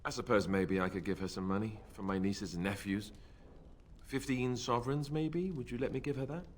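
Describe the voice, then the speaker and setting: An actor playing an earnest young warrior in a video game, hesitant and stammering. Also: male voice, lowish voice, fairly even intonation, a little fast, a little hiss or hum, close to an everyday voice. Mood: flustered. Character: earnest young prince-warrior, awkward and hurt.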